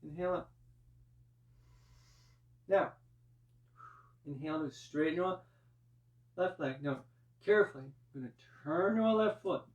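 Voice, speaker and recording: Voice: medium pitch, a little slow, long pauses, far from the mic. A yoga teacher guiding a live class through breath and poses, with chatty asides. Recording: roomy, voice from off-mic.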